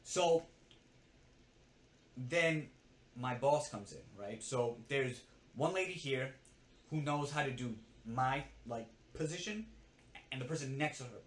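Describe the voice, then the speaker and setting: Animated young man ranting in a roomy space. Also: mid-range voice, unhurried. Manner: animated, swearing, keeps tagging "right?". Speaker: vlogger. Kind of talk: casual storytelling to camera. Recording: roomy with faint ambience.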